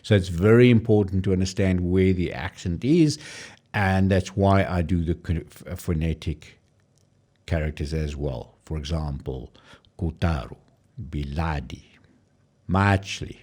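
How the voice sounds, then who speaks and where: Low-voiced man explaining pronunciation. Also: darkish tone. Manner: explanatory, pausing to demonstrate pronunciations. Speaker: language tutorial presenter. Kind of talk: casual screen-share tutorial.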